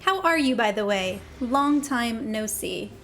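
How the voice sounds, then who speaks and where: Chatty, high-voiced young woman streamer. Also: animated, unhurried, a bit bright, soft background music. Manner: chatty, laughs easily, reads game dialogue aloud in character. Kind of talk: casual live gameplay chat.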